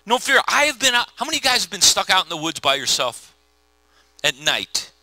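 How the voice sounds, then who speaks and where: Lively high-voiced pastor, very bright tone. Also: male voice, fairly quick, no echo, low-quality recording. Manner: animated storyteller, acts out biblical characters in slangy voices. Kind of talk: casual conversational sermon.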